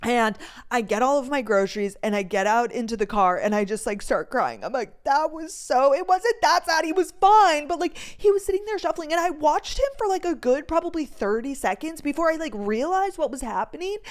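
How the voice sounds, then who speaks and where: Casting: twenties woman host, rambling emotional storyteller, slightly high voice. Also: animated, fairly quick. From North Dakota, USA. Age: 20s. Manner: chatty, emotional, full of filler words. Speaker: podcast host. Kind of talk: casual storytelling chat.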